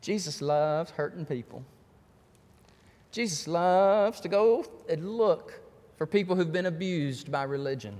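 High-voiced preacher in a reverberant church. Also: male voice, unhurried. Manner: fervent preaching that repeats words and builds to shouts. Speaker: pastor. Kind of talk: sermon. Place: church sanctuary. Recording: long reverb of a church hall.

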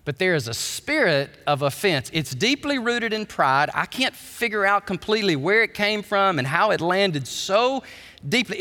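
A pastor preaches in a big church, his bright, forceful voice ringing through a long reverb. He swings from hushed, low asides up to high, loud bursts. His pitch sits a little high for a man. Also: big pitch swings, normal speed. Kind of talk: sermon. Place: church sanctuary.

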